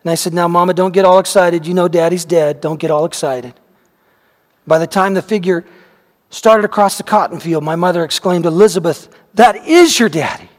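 A man reading the part of an elderly farm woman who gently recalls a day from her childhood, in homely words. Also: high voice, fairly even intonation, fairly quick, close to an everyday voice. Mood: tender recollection. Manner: gentle storytelling, homely phrasing. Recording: long hall reverb.

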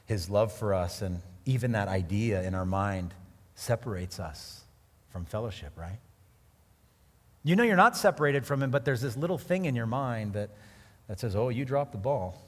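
A man's voice: fairly low pitch, normal speed. Man preaching in a reverberant hall. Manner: earnest, conversational, rising to emphatic peaks. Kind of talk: sermon.

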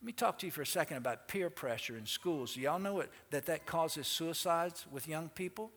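A man preaching in a sanctuary, voice pitched high for a man. He tells the story with energy and keeps turning to the congregation with questions, while a long echo hangs on every phrase. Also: a little fast, a bit bright. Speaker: pastor. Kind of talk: sermon. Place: church sanctuary.

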